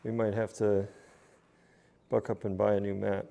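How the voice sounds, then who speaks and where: Against background noise, a man with a lowish, creaky, level-toned voice talks at normal speed while hitting practice shots in his home golf simulator. He coaches his viewers as a group in a casual way, going over the same points repeatedly.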